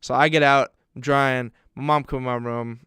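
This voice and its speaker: A young man co-hosting a podcast, telling an animated, profane story in casual chat and laughing along as he goes. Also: mid-range voice, moderate pace, clean tone, no echo. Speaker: podcast co-host.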